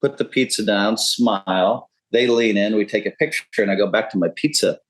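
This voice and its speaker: A man's voice: lowish voice, fairly quick, poor audio. A man in his fifties, a poker pro talking as a podcast guest, rambling and candid with frequent profanity. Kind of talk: casual interview talk.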